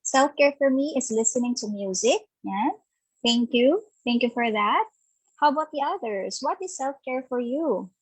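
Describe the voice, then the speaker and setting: A woman with a Filipino accent, her voice sitting a bit high, leads an interactive online webinar. She reads participants' answers aloud and affirms each with a quick "okay" or "ayan". The sound is close and dry, with no room echo. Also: lively intonation, husky. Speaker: webinar speaker on self-care.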